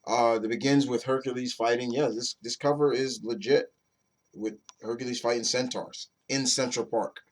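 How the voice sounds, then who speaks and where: Here a man of average pitch chats his way through a comic review, keeping a steady tone and a moderate pace. The delivery is loose and rambling, with the odd curse word and many false starts.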